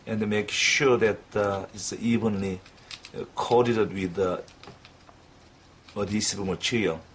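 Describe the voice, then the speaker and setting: A man giving a clinical demonstration lesson, talking in a halting way with frequent fillers and restarts. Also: lowish voice, fairly even intonation, a little hiss or hum. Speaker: dental instructor.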